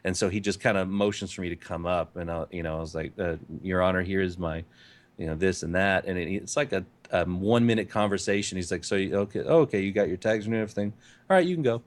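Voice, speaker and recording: Low-voiced man telling a rambling story. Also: steady tone, fast. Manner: rambling, hesitant storytelling with fillers. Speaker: podcast co-host. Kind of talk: casual podcast chat.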